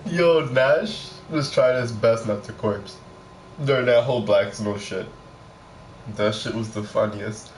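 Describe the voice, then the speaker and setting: A man's voice: medium pitch, a little slow, reverberant, crowd noise, rough recording. A man chatting casually with friends about wrestling clips, laid-back, joking and profane. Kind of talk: casual drunk banter.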